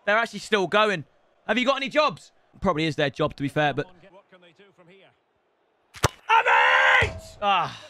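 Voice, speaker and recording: A young man streaming a football video game, chatting to the lads in cheeky banter and breaking into loud outbursts. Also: sits high, big pitch swings, fast talker. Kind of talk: gaming stream commentary. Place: home room with builders' noise outside. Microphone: headset.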